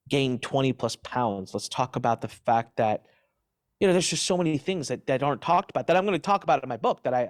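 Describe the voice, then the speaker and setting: A man's voice: mid-range voice, no echo, studio quality. A man being interviewed, telling his story emphatically and with animation, often restarting his sentences. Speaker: interview guest. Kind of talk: candid interview answers.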